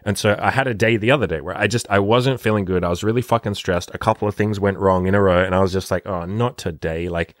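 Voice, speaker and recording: Fast-talking, profane male dating coach. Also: on the low side, no echo, studio quality. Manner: profane, emphatic, rapid-fire. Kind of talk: casual podcast monologue.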